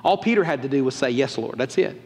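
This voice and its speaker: A pastor preaching a folksy, animated sermon and acting out quotes. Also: male voice, medium pitch, quick pace. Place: church auditorium. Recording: long reverb of a large church hall.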